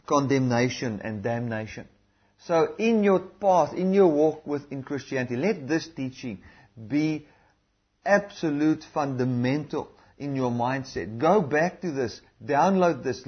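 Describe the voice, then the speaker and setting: A man's voice: fairly high pitch, breathy edge, dull audio. A man preaching a sermon in an earnest, repetitive way, calling out hallelujahs.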